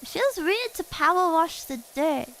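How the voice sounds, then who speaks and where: A woman's voice: very high-pitched, expressive, moderate pace, fairly bright tone, slight background noise, rough recording. A woman streamer chatting casually with her viewers while playing a game, bubbly and giggly. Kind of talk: casual chat while gaming.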